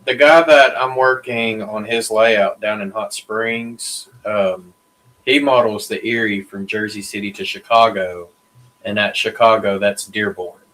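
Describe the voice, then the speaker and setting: A man's voice: on the low side, steady tone, a little slow, a bit bright, low-quality recording. A man explaining things casually on a video call, easygoing with many fillers. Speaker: guest. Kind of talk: casual chat.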